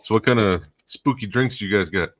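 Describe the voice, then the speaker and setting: Hosting a casual live stream, a laid-back man speaks in a very low, deep voice that is still brisk and a bit bright. He keeps the chat moving by asking his guests questions and reading out viewer comments.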